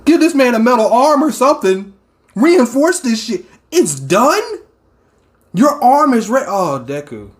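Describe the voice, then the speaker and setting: A man hosting a casual comic-reaction talk, excitable and quick to swear and shout his reactions. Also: very high-pitched. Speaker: manga reaction host.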